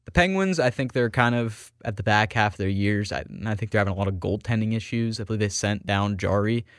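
A man co-hosting a sports talk radio show, giving opinions quickly with frequent restarts. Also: on the low side, smooth, no room sound, studio quality.

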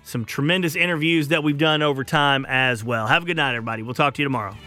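A man's voice: on the high side, fast talker, bright, forceful tone, soft background music. A man hosting a sports talk show, giving emphatic, opinionated takes that trail off at the ends of phrases.

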